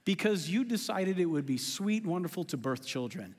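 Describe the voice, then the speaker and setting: A male pastor with a drawl delivers a lively, joking sermon, often at his own expense. His voice sits high for a man, and a long hall reverb trails every phrase through the sanctuary. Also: normal speed. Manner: animated, joking, self-deprecating. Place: church sanctuary.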